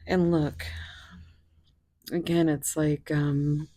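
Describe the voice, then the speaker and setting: A woman's voice: low-pitched, little pitch movement, extremely slow, mellow, no room sound. A woman doing a tarot reading, musing and thinking aloud with frequent fillers. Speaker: tarot reader.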